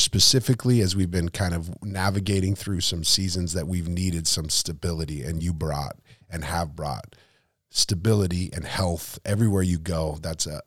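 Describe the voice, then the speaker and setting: A man's voice: deep voice, no echo, clean studio sound. A man, a pastor hosting a church podcast, talking earnestly with thanks and closing in prayer. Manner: earnest and thankful, with many restarts.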